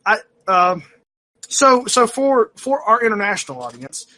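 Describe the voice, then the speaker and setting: A man with a fairly high voice on a casual gaming podcast chat. His tone is bright and forward, and he rambles through fillers and restarts. He tells animated, self-mocking stories. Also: unhurried, no room sound. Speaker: podcast co-host.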